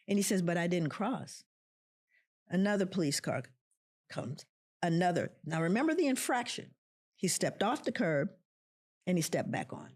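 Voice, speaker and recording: A middle-aged woman with a husky, fairly low voice tells a personal story with deep feeling. Her pitch swings widely as she acts out other people's voices and repeats key lines for emphasis. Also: darkish tone. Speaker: professor of social work, guest. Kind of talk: emotional storytelling.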